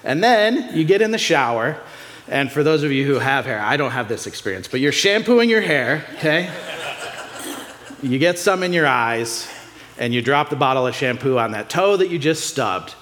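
A man's voice: normal speed, a little hiss or hum. A man preaching a sermon as a pastor, conversational and joking with the congregation, acting out everyday stories with rhetorical questions. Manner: animated storytelling with pitch swings.

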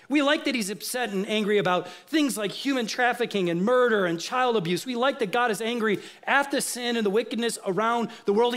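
A man preaching with a high, bright-edged voice that leaps and plunges across a wide range. He fires rhetorical questions at his listeners, then drops to hushed, low asides. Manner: rhetorical questions, rising to emphatic outrage then dropping low. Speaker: pastor. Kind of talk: sermon.

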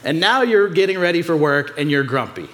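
A man's voice: brisk, a little hiss or hum. A man preaching a sermon as a pastor, conversational and joking with the congregation, acting out everyday stories with rhetorical questions. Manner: animated storytelling with pitch swings.

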